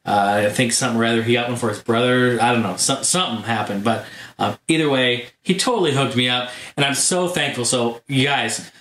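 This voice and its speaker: A man hosting his gaming channel, telling a story in a casual vlog monologue, animated and full of fillers. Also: mid-range voice, brisk. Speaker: YouTube gaming channel host. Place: home room. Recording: roomy echo.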